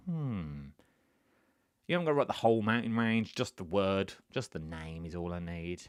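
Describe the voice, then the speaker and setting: A man's voice: low-pitched, expressive, moderate pace, clear, resonant tone, no echo, clean studio sound. A man hosting a live-stream quiz from his chair, chatty and teasing, often repeating answers. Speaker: quiz host. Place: indoors, seated at home.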